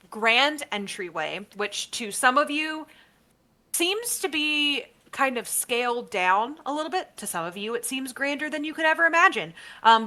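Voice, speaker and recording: A woman narrating as dungeon master, with brisk narration, frequent fillers and mid-sentence corrections. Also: fairly high pitch, bright, forceful tone. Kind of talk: narrating a tabletop game.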